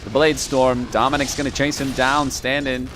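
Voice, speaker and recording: A man's voice: medium pitch, steady tone, normal speed, music in the background. A man casting a video game match live, calling plays and joking casually between them. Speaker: esports caster. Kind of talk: live play-by-play commentary.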